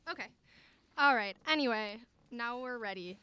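A woman's voice: fairly high pitch, lively intonation, a little fast, sharp tone, clean tone. A young woman chatting casually on a live student radio show, laughing often and poking fun at herself. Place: radio studio.

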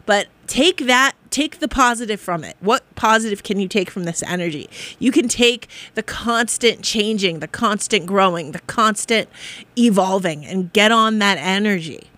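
A woman's voice: medium pitch, animated, normal speed, fairly bright tone, no echo. A woman hosting a casual spiritual talk, rambling and encouraging, often breaking into laughter. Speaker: spiritual podcast host.

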